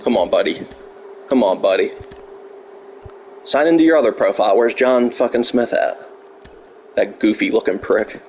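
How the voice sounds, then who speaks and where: A man's voice: on the low side, moderate pace, long pauses, a little mellow, a little hiss or hum. A man live-streaming a video game, trash-talking a troll in chat with heavy profanity and sarcasm. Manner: profane, mocking trash talk.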